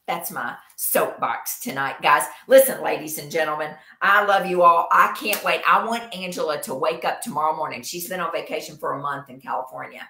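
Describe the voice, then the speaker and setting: A low-pitched woman from Kentucky, talking straight to her viewers in a casual, emphatic way. She hammers her points by saying them twice. Her voice rings in a roomy, echoey space. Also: pushed and bright. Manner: emphatic, repeats phrases for emphasis. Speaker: nurse practitioner and show host. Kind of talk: casual livestream talk.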